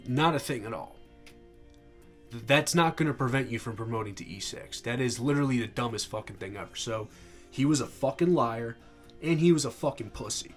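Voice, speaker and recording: A man's voice: medium pitch, lively intonation, brisk, soft background music. A young man, an army veteran, angrily telling a profane story in a casual vlog. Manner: angry, profane, acts out quoted dialogue.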